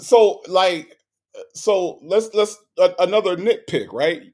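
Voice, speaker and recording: A man's voice: high-pitched, slow, darkish tone. A man hosting a casual commentary, talking bluntly and profanely and picking apart the words of a radio call. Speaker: host reacting to a radio clip.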